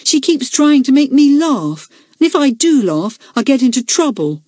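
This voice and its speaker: A woman's voice: high-pitched, sing-song, moderate pace, a little mellow, dry recording, clean studio sound, pitched above the performer's own voice. A woman narrator voicing a young schoolboy complaining about a classmate in an audiobook. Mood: aggrieved. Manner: whiny, aggrieved.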